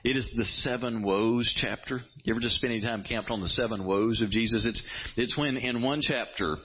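A man's voice: medium pitch, brisk, husky, muffled recording. A man preaching a sermon as a pastor, quoting scripture dramatically and building intensity as he talks.

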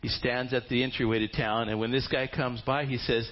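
A male pastor tells a story to his church in a casual, humorous and animated way. His voice sits in an ordinary middle pitch. The recording is dull and lo-fi. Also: fairly quick. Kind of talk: sermon storytelling.

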